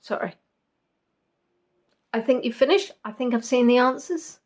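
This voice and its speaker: A woman's voice: fairly high pitch, very animated, a little slow, pauses often. A woman hosting a live-stream quiz in a casual chat, giggly and jokey with rambling asides. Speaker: quiz host.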